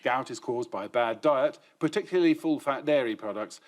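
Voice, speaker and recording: A man's voice: mid-range voice, fairly quick. A man hosting a comedy news quiz in a television studio, reading out questions and landing dry, wry punchlines. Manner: dry, wry delivery of set-up jokes. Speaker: quiz show host.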